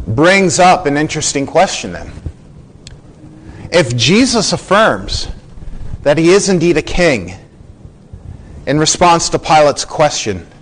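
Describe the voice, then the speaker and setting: A man's voice: a little high, rough recording. A man preaching a sermon as a pastor, explaining scripture earnestly and acting out the quoted lines.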